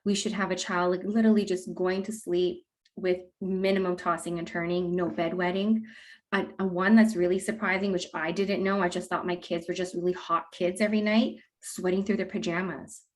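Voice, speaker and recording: A woman talking as a guest expert in a casual interview, explaining in a lively way and acting out what parents say. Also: on the low side, fairly quick. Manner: animated, acts out quoted parents with laughs. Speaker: guest expert on mouth breathing.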